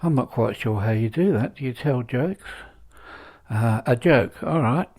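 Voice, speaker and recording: A man in his seventies giving a rambling casual monologue, halting and full of fillers, with dry wry humor. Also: medium pitch, animated, a little mellow. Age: 70s. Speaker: vlogger.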